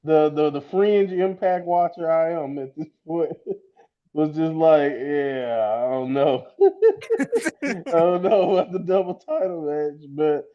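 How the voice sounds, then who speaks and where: A man's voice: fairly high pitch, animated, slow pace. A man co-hosting a podcast in casual chat, agreeable and often laughing, repeating words as he gets started. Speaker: podcast co-host. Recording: slightly muffled lo-fi audio.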